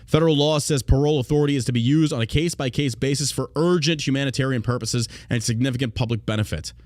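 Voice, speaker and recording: Fast-talking, profane podcast host. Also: male voice, mid-range voice, darkish tone, no room sound, clean studio sound. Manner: heated, profane, reads news aloud with ranting asides. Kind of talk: political podcast commentary.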